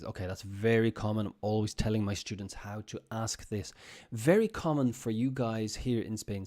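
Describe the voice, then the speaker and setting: A man teaching English on a live stream in a chatty way, repeating example phrases slowly for his students. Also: lowish voice, animated, darkish tone.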